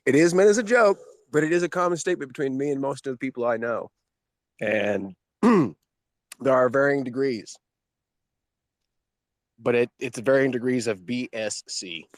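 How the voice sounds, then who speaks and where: A man's voice: medium pitch, moderate pace, pauses often, no room sound. Man, hesitant, joking, call-in chat, dry sound.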